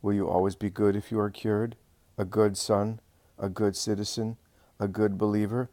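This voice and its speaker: A man reading the lines of a gentle, solemn male healer who speaks softly and tenderly. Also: on the low side, flat delivery, normal speed, no echo, lightly acted. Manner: soft and tender, then commanding.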